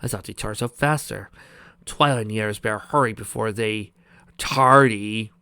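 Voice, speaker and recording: A man's voice: fairly low pitch, normal speed, pushed and bright, clean tone, no room sound. A man voicing a smug, scheming male mad scientist in a storybook reading.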